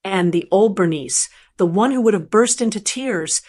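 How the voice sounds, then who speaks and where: Calm older woman narrating a story. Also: mid-range voice, moderate pace. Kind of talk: scripted first-person story narration.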